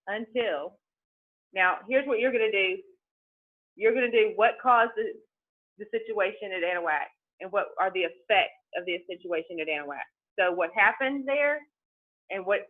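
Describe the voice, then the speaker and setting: A woman teacher giving a conversational history lecture, talking straight to her students and often repeating words. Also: medium pitch. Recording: tinny phone-like sound.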